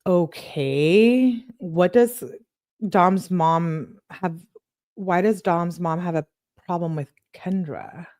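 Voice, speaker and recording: Dry, low-voiced woman host. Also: slow, darkish tone, no echo. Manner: sarcastic, offhand remarks. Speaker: true crime channel host. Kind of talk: reading text messages aloud with commentary.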